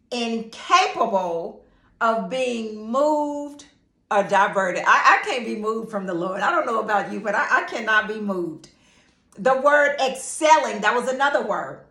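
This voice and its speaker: A woman's voice: fairly high pitch, bright, forceful tone, echoey room. A woman teaching scripture in a devotional style, preacherly, repeating phrases and calling out to listeners. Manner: preacherly, repeats phrases, call-and-response asides. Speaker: teacher and online Bible devotional host.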